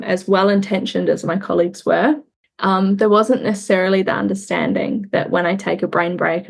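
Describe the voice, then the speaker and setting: Young woman guest, earnest and reflective, measured conversational delivery. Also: on the low side, vocal fry. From New Zealand. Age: young adult. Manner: reflective, earnest, pauses and restarts while recounting. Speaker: interview guest. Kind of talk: candid conversational interview.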